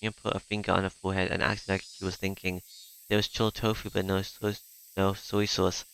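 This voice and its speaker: A man reading a visual novel aloud in the first person, halting at times with fillers and restarts. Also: low voice, level tone, creaky, a bit bright, a little hiss or hum.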